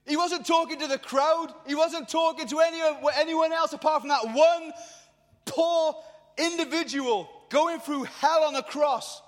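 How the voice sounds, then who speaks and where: A man, preaching a lively youth sermon to a crowd in a passionate, colloquial way. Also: very high-pitched, measured pace. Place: large hall at a youth event. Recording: long hall reverb.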